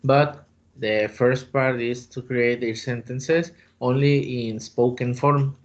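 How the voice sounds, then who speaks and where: A man commenting on a classroom lesson, explaining each stage in a measured way. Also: mid-range voice, steady tone, dull audio. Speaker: lecturer commenting on a recorded lesson.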